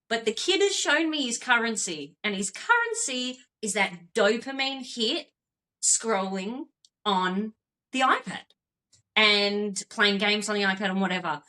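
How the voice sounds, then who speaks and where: An Australian woman co-hosting a podcast over a video call, telling stories with lively, laughing energy. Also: fairly high pitch, a little slow. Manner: animated storytelling with laughs. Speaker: podcast co-host.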